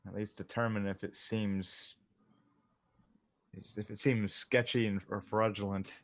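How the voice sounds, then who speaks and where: A man's voice: lowish voice, level tone, a little slow. A man playing in a tabletop game, thinking aloud and chuckling often. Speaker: player.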